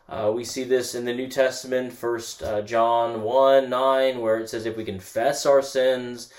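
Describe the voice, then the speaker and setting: A man's voice: mid-range voice, darkish tone. Earnest man teaching, often restarting. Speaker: guest teacher. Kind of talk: casual church teaching.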